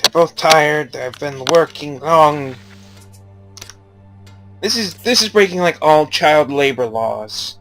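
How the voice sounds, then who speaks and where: A man's voice: on the high side, slow, long pauses, a bit bright, soft background music. A young man giving casual, rambling game commentary, joking and swearing freely. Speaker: gaming YouTuber.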